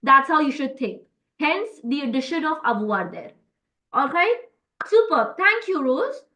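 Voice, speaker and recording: A woman's voice: high-pitched, big pitch swings, unhurried, pushed and bright, poor audio. A woman teaching French in an online class, explaining step by step with many fillers and lots of encouragement.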